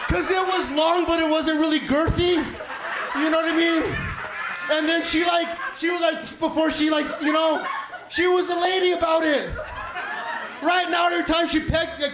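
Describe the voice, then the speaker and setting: High-voiced man telling a stand-up story. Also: fairly even intonation, normal speed, noisy background. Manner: rambling, profane, self-mocking storytelling. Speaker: stand-up comedian. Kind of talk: stand-up set. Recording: echoey comedy club stage.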